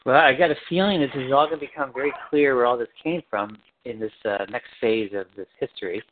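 Calm male interviewer on a tinny line. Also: mid-range voice, fast talker, slight background noise. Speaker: interviewer, counselor. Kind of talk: guided interview.

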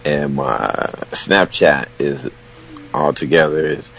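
A man's voice: rumbling low, slow, vocal fry, slight background noise. A man as a musician guest on a radio show, laid-back and giving answers full of ums. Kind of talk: interview answers. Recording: dull lo-fi sound.

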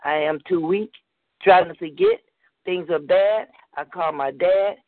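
A woman's voice: fairly low pitch, unhurried, no room sound. A woman hosting a call-in poetry show and reading her poem bluntly and fiercely. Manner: blunt, fierce rhythmic recitation. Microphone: phone call. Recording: tinny phone line, dry.

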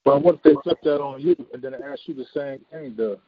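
A man's voice: mid-range voice, a little fast, no echo. A man in casual chat, chiming in with short questions. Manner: brief questioning interjections. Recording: dull lo-fi recording off-mic with faint noise.

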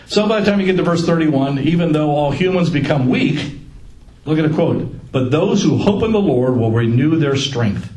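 A man leads a casual Bible study, joking with his group. His voice sits a little high and swings widely in pitch. The room is echoey, with a faint hum of ambience behind him. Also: moderate pace. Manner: joking, animated, laughs at own lines.

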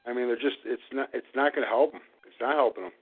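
A man talks on a narrow, tinny phone line at an ordinary pitch. He rambles through long rants, circling back with fillers as he goes. It sounds like a casual call-in chat. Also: quick pace, slightly rough. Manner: rambling, ranting, lots of fillers.

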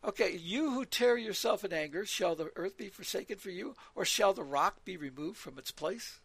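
A man's voice: high voice, expressive, normal speed, fairly bright tone, slightly rough, dry recording. A man giving an earnest, rambling evening Bible talk, reading scripture aloud and explaining it verse by verse. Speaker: preacher.

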